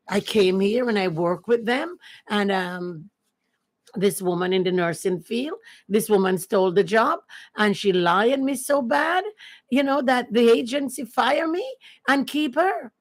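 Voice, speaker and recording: A woman hosting her own casual livestream, talking in a rambling, emphatic way and often repeating herself. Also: on the high side. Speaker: host of a personal talk channel. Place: at home with her dog.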